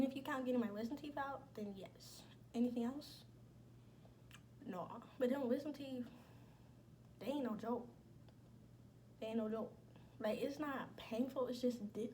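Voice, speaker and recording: A woman's voice: on the high side, mellow, slight background noise. A young woman talking casually and bluntly to her viewers, slangy and emphatic. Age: young adult. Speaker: vlogger. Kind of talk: casual chat.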